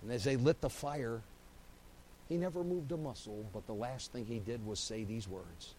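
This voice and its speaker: A man preaching a sermon as pastor. He swings from hushed, slow lines to loud, driving buildups and repeats phrases in rising, rhythmic runs. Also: mid-range voice, a little hiss or hum, rough recording.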